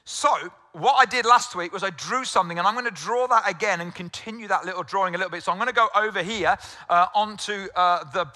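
A man's voice: high-pitched, fast, pushed and bright, long reverb tail. A middle-aged English man preaching a sermon as pastor, telling stories conversationally with rhetorical questions. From England.

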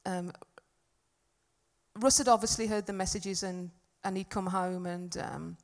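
A woman's voice: medium pitch, steady tone, a little slow. A middle-aged woman giving a talk at a church gathering, telling a personal story in a chatty, self-deprecating way. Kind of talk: sermon with personal anecdote.

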